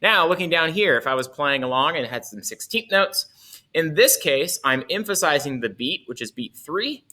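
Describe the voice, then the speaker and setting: A man's voice: fairly high pitch, lively intonation, moderate pace, bright, forceful tone. A man teaching a music lesson, explaining in an upbeat, playful way with little asides.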